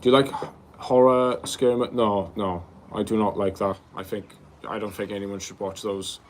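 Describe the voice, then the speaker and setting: A young man from Wales, hosting a casual livestream, reading out viewer comments and answering them in a relaxed way, calling people bro. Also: on the low side, moderate pace, slight background noise. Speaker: livestream host.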